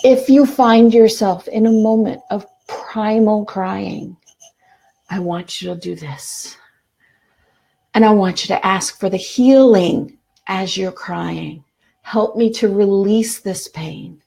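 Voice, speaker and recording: A middle-aged woman hosting a spiritual self-help talk, speaking earnestly and slowing down for repeated affirmations. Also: medium pitch, gravelly, dark tone. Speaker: self-help show host.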